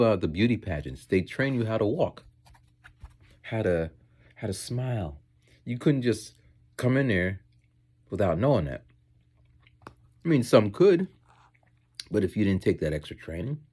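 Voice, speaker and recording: A man's voice: deep voice, darkish tone, breathy edge. A man who teaches in Japan, chatting casually in a rambling vlog while eating, going off on tangents and acting out voices.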